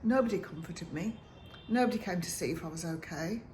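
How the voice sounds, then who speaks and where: A woman in her fifties from the north of England, a sleep consultant telling a personal story in an earnest, halting way that turns emotional. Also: on the low side, animated, darkish tone, slight background noise. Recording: roomy echo with faint ambience.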